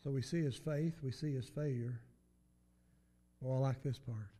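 A man's voice: mid-range voice, normal speed, mellow. A man preaching a sermon in an emphatic, repetitive cadence, with swells of volume.

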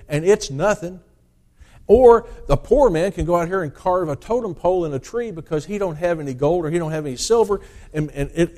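A man preaches a sermon in a slightly high voice. He reads scripture aloud in a rising, forceful cadence, then drops into plain, homely explanation.

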